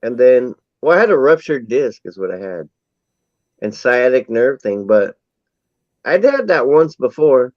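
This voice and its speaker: A man's voice: medium pitch, very animated, a little slow, no echo. A man telling a long rambling anecdote in casual chat. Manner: rambling anecdotal storytelling with acted quotes. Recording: dull lo-fi sound.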